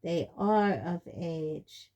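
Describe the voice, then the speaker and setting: A weary, gentle middle-aged father who sounds tired, read by a woman narrator. He speaks very slowly in a low, mellow voice. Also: dull audio. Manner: tired, slow.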